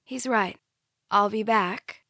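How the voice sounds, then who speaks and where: A woman's voice: medium pitch, takes it slowly, pushed and bright, no echo, clean studio sound. A woman voicing a nervous, fragile mother with a Georgia drawl who talks in a polite, strained way, in an audiobook.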